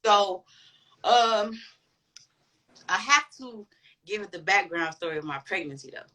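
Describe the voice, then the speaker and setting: A woman's voice: medium pitch, expressive, a little slow, bright, forceful tone, rough recording. A woman guest on a chat podcast telling a personal story candidly, with lots of slang and swearing. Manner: candid, profane, slangy and emphatic.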